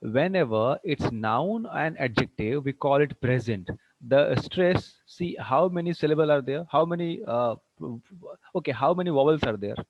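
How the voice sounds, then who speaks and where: A man teaching English with an Indian accent in an online lecture, explaining slowly and repeating words. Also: fairly high pitch, expressive. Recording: dull muffled online-class audio.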